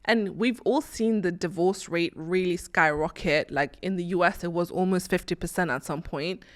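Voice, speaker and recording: A woman's voice: on the low side, moderate pace. A woman hosting her own talk show, speaking casually and emphatically, full of rhetorical questions and checks like "okay?" and "right?". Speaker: host. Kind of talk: opinionated casual talk to camera.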